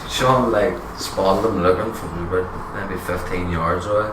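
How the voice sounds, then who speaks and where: A man's voice: sits low, steady tone, a little slow. A man, a guest telling stories in casual chat, swearing and laughing as he goes. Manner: storytelling, swearing, laughing mid-story. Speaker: podcast guest. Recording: echoey room, far from mic, noisy.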